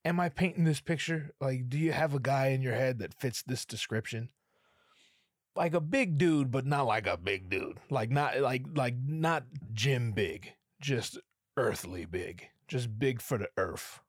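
A man's voice: medium pitch, a little slow, no echo, studio quality. A man hosting a podcast alone, telling stories in a rambling, profane, casual way. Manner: rambling, profane, animated storytelling. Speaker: podcast host. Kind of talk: casual monologue.

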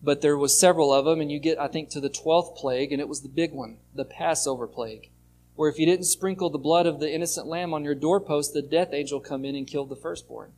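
A male pastor preaching in a relaxed, conversational way, his voice sitting a little high for a man. He reads scripture aloud, swings between loud and soft, and a faint hum runs underneath. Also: quick pace. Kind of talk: sermon.

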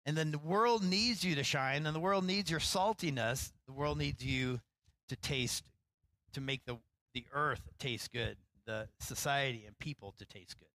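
A man, a pastor, preaching a sermon in a relaxed, conversational way, acting out lines with rising animation and poking fun at himself. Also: medium pitch, normal speed, dry recording, poor audio. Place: church.

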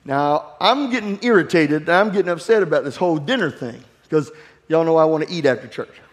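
Guy pastor preaching, high voice, asks the crowd to say amen, jokes about his kids, echoey church hall. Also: fairly quick. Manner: call-and-response preaching with humorous family stories. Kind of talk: sermon. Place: church sanctuary. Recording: long hall reverb.

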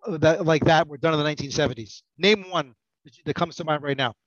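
A man's voice: on the high side, fast talker, lo-fi sound. A middle-aged man chatting as a podcast guest, rambling and self-mocking, with many restarts. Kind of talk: casual podcast banter.

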